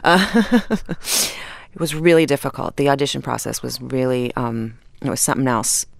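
A middle-aged actress chatting as a radio interview guest, rambling with fillers and restarts and laughing often. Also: female voice, very deep voice, steady tone, moderate pace, vocal fry, dry recording. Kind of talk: casual interview conversation.

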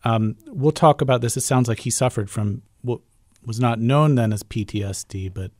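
A man's voice: medium pitch, normal speed, darkish tone, dry recording, clean studio sound. A male interviewer putting friendly, curious questions to his guest.

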